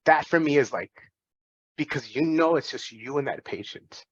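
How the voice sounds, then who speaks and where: A man's voice: a little high, normal speed, husky, dry recording. Man, forties, earnest, reflective, restarts phrases, dry sound, slightly dull audio. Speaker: physician and guest speaker. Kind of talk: personal talk to students.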